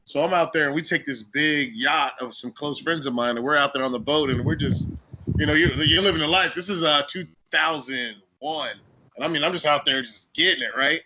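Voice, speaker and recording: Bright, animated man telling stories. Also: a little high, a little fast, slight background noise. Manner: animated, laughing, swears freely. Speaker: podcast co-host. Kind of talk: casual chat and storytelling. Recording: dull lo-fi audio.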